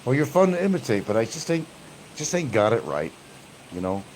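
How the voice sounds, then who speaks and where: A man's voice: medium pitch, very animated, fairly quick, a little mellow, slight background noise. A man hosting a livestream, chatting casually with his viewers in a loose, profane, rambling way. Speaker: livestream host reading chat.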